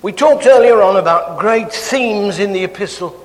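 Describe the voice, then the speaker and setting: An English man teaches from the Bible in a self-deprecating, chatty way, picking up speed as his enthusiasm grows. His voice sits a little high for a man. It rings out in a large hall with long reverb. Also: moderate pace. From England. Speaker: preacher. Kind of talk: Bible class talk.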